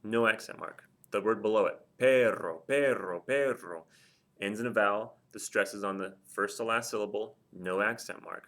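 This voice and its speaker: A young man teaching at a board in a casual, explanatory way, often pausing with ums and repeating example words slowly. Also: on the low side, flat delivery, pushed and bright. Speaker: Spanish teacher. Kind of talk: classroom-style explanation at a board.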